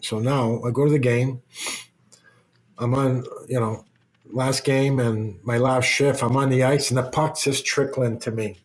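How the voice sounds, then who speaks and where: A man's voice: medium pitch, fairly even intonation, a little slow. A man, a former hockey player, telling a long casual anecdote in an interview, with restarts and the odd swear word.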